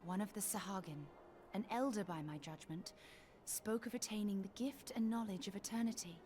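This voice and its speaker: An actress playing a composed mage who delivers grave news in a measured way. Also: female voice, medium pitch, warm tone, close to an everyday voice. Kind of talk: voiced game cutscene dialogue.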